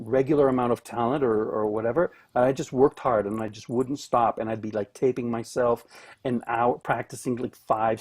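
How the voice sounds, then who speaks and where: A man's voice: mid-range voice, a little mellow. A middle-aged man from Canada talks casually as a guest on a video call. He rambles and restarts his sentences often, with plenty of fillers. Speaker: guest, orchestral cellist.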